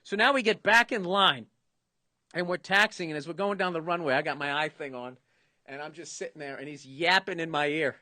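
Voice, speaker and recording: A middle-aged man spins a comic story in loose, lively podcast talk, slipping into other people's voices as he goes. His voice sits a little higher than most men's. The sound is dry and close, with no room around it. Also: brisk, dry recording. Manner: animated, acts out other people's lines, laughs at his own story. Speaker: comedian telling a story.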